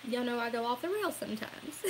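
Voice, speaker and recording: Animated and a little fast, a woman with a voice on the high side speaks over background noise. Hailing from Louisiana with a Southern accent, she's a political vlogger who rambles earnestly in a casual opinion video, says "y'all" often, and laughs at herself.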